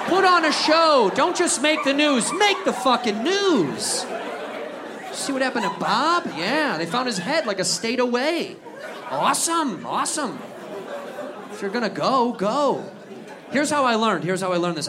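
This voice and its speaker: A male stand-up comedian, telling a loud, profane, animated story. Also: sits high. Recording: live club with crowd laughter and noise.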